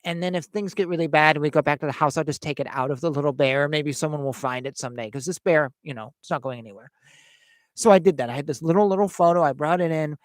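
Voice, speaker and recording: A man's voice: on the high side, quick pace, no room sound. A man hosting a livestream, telling a personal story in a hesitant way, repeating words and acting out the voices of the people in it. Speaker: host.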